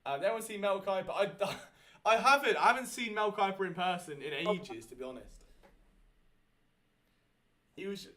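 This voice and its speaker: Chatty British man, higher voice. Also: moderate pace, long pauses. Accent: British English. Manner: chatty, self-correcting, excitable. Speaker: host. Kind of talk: live draft watchalong chat.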